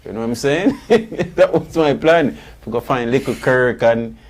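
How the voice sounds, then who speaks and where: A man's voice: medium pitch, expressive, measured pace. A man, a guest musician chatting in a studio interview, telling his story with many "you know" fillers. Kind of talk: casual interview chat. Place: radio studio.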